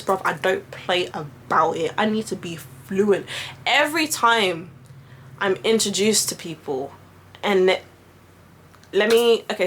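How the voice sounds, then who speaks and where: A woman's voice: medium pitch, fairly bright tone, a little hiss or hum. A young woman whose first language is French, rambling through a casual story, swearing freely and acting out the voices of the people she quotes. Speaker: vlogger.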